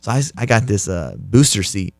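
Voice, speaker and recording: A man's voice: on the low side, lively intonation, brisk, creaky, a little mellow, no echo, clean studio sound. A young man in his twenties, an interview guest who tells stories with energy and laughs through the punchlines. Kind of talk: casual storytelling interview.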